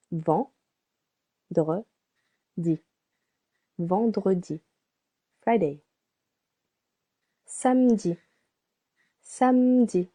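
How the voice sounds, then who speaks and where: A woman teaching a beginner French lesson, slowly spelling out and repeating each word for practice. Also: mid-range voice, dark tone. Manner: slow and deliberate, repeats words for practice. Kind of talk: slow scripted language lesson.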